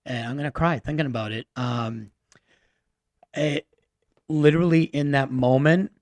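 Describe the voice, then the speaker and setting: A man's voice: mid-range voice, a little mellow, dry recording. Earnest man from Massachusetts telling a story. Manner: earnest, halting, many fillers. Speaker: radio guest. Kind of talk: personal storytelling. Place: radio studio.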